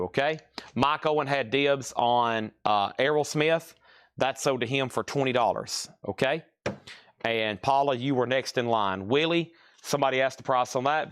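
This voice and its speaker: A man's voice: medium pitch, a bit bright. Chatty man selling records live. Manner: chatty, thinks aloud while sorting. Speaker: host of a live record sale. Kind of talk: casual livestream selling.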